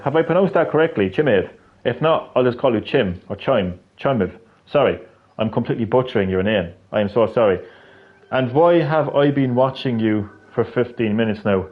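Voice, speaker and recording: A man's voice: medium pitch, expressive, moderate pace, highs cut off. A man live-streaming a video game, with rambling, profane, ranting commentary.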